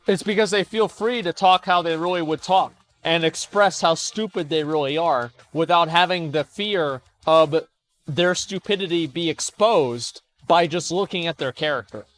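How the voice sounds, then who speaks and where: A man's voice: fairly high pitch, a bit bright. A young man streaming casual commentary as he reads forum posts aloud, blunt and scornful, swearing, stammering and restarting.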